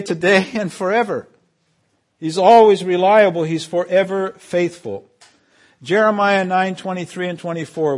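A man preaching a sermon to a congregation in a somewhat high voice. He swells loud on key phrases, then drops to quiet asides. He leads the crowd in call and response. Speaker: pastor.

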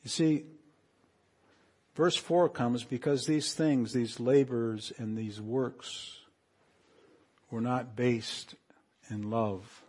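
A pastor preaching a sermon, reading scripture aloud and swinging between hushed lines and raised, emphatic passages. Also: male voice, medium pitch, fairly even intonation, very slow, long pauses.

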